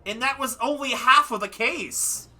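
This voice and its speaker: Bright-voiced, tired young man chatting. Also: very high voice, unhurried, soft background music. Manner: chatty, rambling, self-deprecating. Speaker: livestreamer. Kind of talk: casual chat wrapping up a game stream.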